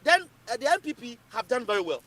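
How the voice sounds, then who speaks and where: Emphatic high-voiced Ghanaian man. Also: big pitch swings, quick pace, pushed and bright. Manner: emphatic and repetitive, mixing English and Twi. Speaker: political commentator. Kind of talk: animated political talk.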